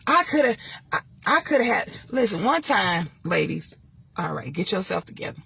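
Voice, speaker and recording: A woman, chatting casually and sassily to viewers, preachy at times and laughing loudly. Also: sing-song, a little slow, gravelly, a little hiss or hum. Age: 50s. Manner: sassy, preachy, laughs loudly and swoops high when joking. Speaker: host. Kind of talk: casual livestream chat.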